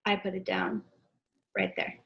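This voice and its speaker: A teenage girl, a student actor at home, plays a dry, sardonic secretary in a school play read over a video call, delivering her lines in a wry, deadpan way. Her medium-pitched voice is a little slow with vocal fry, and the heavily acted performance comes through lo-fi sound.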